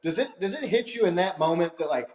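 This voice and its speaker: Enthusiastic fan show host in an echoey room. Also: male voice, sits high, expressive, fast talker, a little mellow. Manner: rambling, enthusiastic questions. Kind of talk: casual interview.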